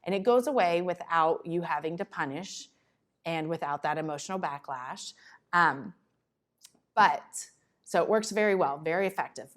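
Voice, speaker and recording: Female presenter, lower voice, chatty and animated, explains to parents in a conference room. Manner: lively, conversational, acts out the child and parent in quick asides. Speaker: conference presenter on child behavior.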